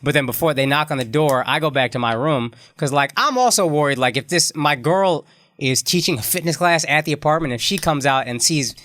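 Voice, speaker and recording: Young man, comedy podcast co-host, fast talker, slightly high voice, animated storytelling. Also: no echo. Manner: animated, acts out quotes, swears freely.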